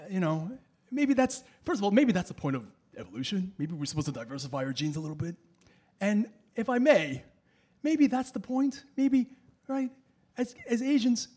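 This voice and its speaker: A man in his thirties doing a stand-up comedy set, telling stories and acting out voices. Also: extremely high pitch. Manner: animated storytelling, acting out voices. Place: comedy stage with laughing audience.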